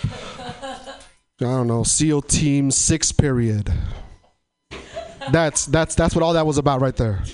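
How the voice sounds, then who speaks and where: A man's voice: a little high, big pitch swings, slow, pauses often, darkish tone, slight background noise. A man hosting a comedy club show, bantering with the crowd in a laid-back, profane way. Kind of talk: stand-up hosting.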